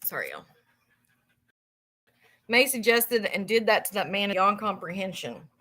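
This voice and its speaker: A woman hosting a live book club, reading a memoir aloud in a casual, profane way and reacting loudly between passages. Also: mid-range voice, sing-song, a little slow.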